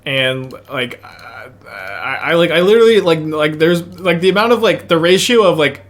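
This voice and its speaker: This Texan, whose voice is fairly high and whose pace is normal, talks his way through an online card game into a desk mic. He thinks out loud in an excited, meandering style, hopping from one play to a side thought and back.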